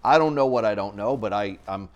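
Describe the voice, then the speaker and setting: A man's voice: on the low side, a little fast, dull audio. A middle-aged man, a business owner on a podcast, telling a personal story in an earnest conversational way and acting out what others said. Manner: earnest, acts out quoted dialogue.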